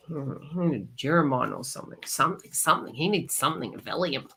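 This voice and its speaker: A woman's voice: deep voice, very animated, fast, few pauses, sharp tone. A woman giving a live psychic reading, rambling and emotive, with many fillers and restarts. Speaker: psychic tarot reader.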